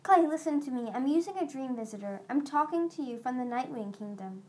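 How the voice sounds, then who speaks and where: A woman's voice: high voice, animated, brisk, darkish tone. A woman voicing an earnest, anxious young male dragon in a storybook reading, speaking urgently and a bit lecturing.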